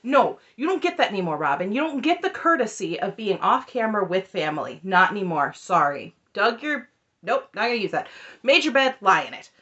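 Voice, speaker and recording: A woman in her thirties delivers an opinionated TV recap with a lively voice that swoops up and down. She sounds sarcastic and exasperated, and she laughs often as she talks. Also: medium pitch, a little fast, highs cut off. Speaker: reality TV recap YouTuber.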